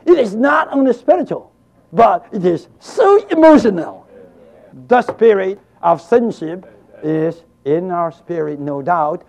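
This is an older man delivering an emotional sermon in a high, gravelly voice. He speaks slowly and deliberately, and his delivery moves from soft, tender tones to loud, heartfelt cries. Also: very animated. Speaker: preacher.

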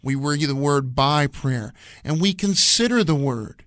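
A man's voice: on the high side, animated, unhurried, a bit bright, dry recording, clean studio sound. A man co-hosting a radio Bible study, talking earnestly and repeating phrases to drive his points home. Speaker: radio program co-host and Bible teacher.

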